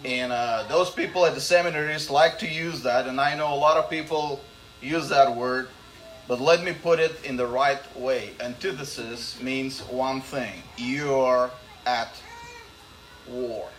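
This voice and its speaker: A man's voice: medium pitch, steady tone, measured pace, a bit bright, low-quality recording. A man with a Bulgarian accent giving a live stage speech as guest speaker, blunt, emphatic and jokey. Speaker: guest speaker, podcast host.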